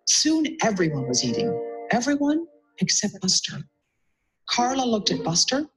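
Animated woman reading a picture book aloud. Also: fairly high pitch, normal speed, music in the background, poor audio. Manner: animated, chiming in with asides. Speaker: school principal.

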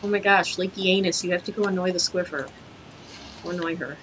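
Young woman, lowish voice, crude giggly gaming chat, faint background hiss. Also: fairly even intonation, brisk, a bit bright, low-quality recording. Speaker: host. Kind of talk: casual gaming commentary.

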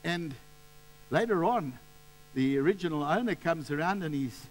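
A man preaching a sermon with a notably high voice. He tells stories with passion and often repeats words as he works up to his point. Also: expressive, moderate pace, poor audio. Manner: impassioned storytelling with many repeated words.

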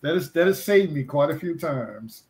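Brief: male comic artist guest, higher-pitched, animated storyteller. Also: normal speed, crowd noise. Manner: animated anecdote teller, acts out quoted voices. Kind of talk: casual storytelling chat.

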